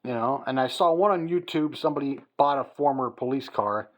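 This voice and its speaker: A man's voice: mid-range voice, brisk. Tired man rambling on a home vlog. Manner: rambling and tired, many fillers and restarts. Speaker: hobby channel host. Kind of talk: casual chat to camera. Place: home at night. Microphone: phone camera on a mount.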